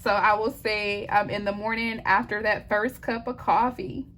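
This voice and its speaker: A woman's voice: medium pitch, fairly even intonation, moderate pace, fairly bright tone, slight background noise. A woman, a wife and mother, chatting casually while she works on a craft. She answers viewer questions, laughs easily and keeps saying "y'all.". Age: adult, wife and mother. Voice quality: chatty, laughs often, says "y'all" a lot. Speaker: diamond painting channel host.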